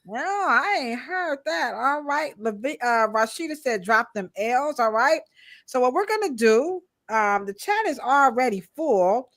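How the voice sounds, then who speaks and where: A woman hosting a live-stream podcast in a casual, lively way, calling out viewers in the chat by name. Her voice sits a little high and sounds bright and forceful. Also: a little slow. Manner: casual, slangy American speech. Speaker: podcast co-host.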